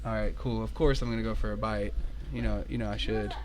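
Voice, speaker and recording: A man's voice: fairly low pitch, fairly even intonation, fast. A young man in a casual, rambling way running an online tabletop game as game master, laughing often.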